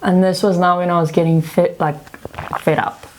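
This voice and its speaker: A young woman vlogger casually telling a story, retelling a frustrating job with animated energy. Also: on the low side, normal speed.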